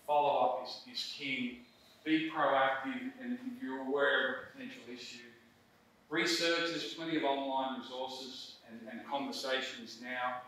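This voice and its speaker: A man's voice: medium pitch, fairly even intonation, moderate pace, pushed and bright. Emphatic man presenting in a roomy hall. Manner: emphatic, conversational, frequent "right?" tags. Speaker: basketball coaching presenter. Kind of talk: workshop presentation. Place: presentation room. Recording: roomy hall, distant mic, faint noise.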